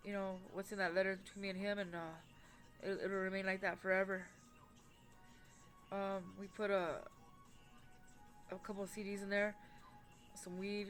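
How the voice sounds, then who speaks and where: A woman telling a personal story in casual, rambling talk, swearing often and restarting her sentences, with soft music behind her. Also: medium pitch, flat delivery, normal speed, long pauses. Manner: rambling, profane, with many fillers and restarts.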